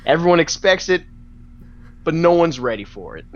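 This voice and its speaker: A man's voice: fairly high pitch, big pitch swings, moderate pace. A man joining a podcast over a video call, chatting hesitantly with lots of ums. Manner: hesitant, many ums, playful. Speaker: podcast guest. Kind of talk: casual chat. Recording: dull lo-fi video call audio.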